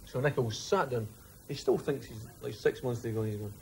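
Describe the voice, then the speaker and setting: Ex-footballer, lively storyteller, mid-pitched, slight background hiss. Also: male voice, fairly quick, creaky. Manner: animated, mimics others while telling a story. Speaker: former footballer guest. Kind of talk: storytelling anecdote.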